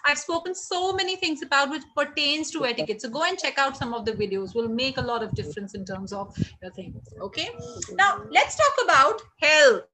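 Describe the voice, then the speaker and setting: A middle-aged woman with an Indian English accent, running a live online hospitality training session, energetic and encouraging as she reads out the chat. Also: high voice, fairly quick, low-quality recording. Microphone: video call.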